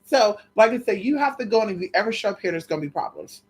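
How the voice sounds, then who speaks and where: A woman's voice: medium pitch, expressive, fast talker, slightly rough. A woman in casual storytelling chat, sassy and profane, acting out both sides of conversations. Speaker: vlogger telling stories.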